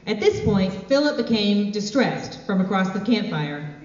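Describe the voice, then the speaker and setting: A woman telling a comic personal story on stage with deadpan, wry asides. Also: mid-range voice, moderate pace. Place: stage in a hall. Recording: echoey hall, far from mic, dull.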